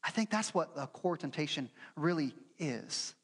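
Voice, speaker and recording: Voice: mid-range voice, lively intonation, normal speed, breathy edge. Preacher in a reverberant church. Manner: earnest teaching with acted-out quotes and rhetorical questions. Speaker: pastor. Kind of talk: sermon. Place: church sanctuary. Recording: long hall reverb.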